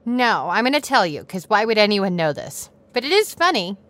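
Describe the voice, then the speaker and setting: A woman playing a mother in an improvised comedy sketch, talking in a playful, animated way. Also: medium pitch, moderate pace.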